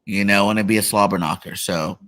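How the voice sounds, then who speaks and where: A man hosting a casual sports talk show, relaxed and full of "you know" fillers. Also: on the low side, fairly quick. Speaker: podcast host.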